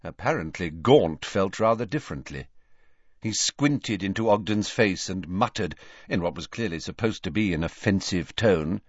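A man narrating a story in a measured storytelling manner, in a dull, dry recording. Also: deep voice, expressive, no room sound. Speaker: audiobook narrator. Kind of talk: scripted narration.

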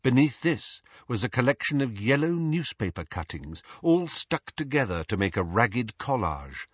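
A man narrating an audiobook with expressive, varied storytelling. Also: medium pitch, moderate pace, slightly rough, no room sound. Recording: dull lo-fi dry audio.

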